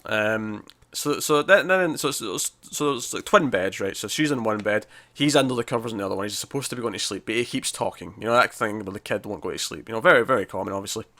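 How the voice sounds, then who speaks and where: A man's voice: lowish voice, animated, pushed and bright. A man co-hosting a casual review chat, recapping an episode with many restarts. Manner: rambling, restarts, acts out scenes in quick voices. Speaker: podcast co-host reviewing a TV episode.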